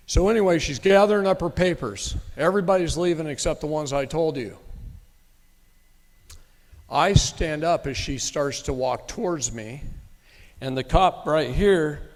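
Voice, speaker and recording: A man's voice: a little high, measured pace, pauses often, darkish tone, in a large hall. A middle-aged man telling a story to a live audience in a blunt, folksy, emphatic way, with occasional cursing. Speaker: speaker at a live event. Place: meeting room with an audience.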